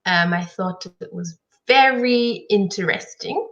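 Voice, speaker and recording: A woman teaching an online English lesson, explaining words clearly and encouragingly. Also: mid-range voice, takes it slowly, fairly bright tone, highs cut off.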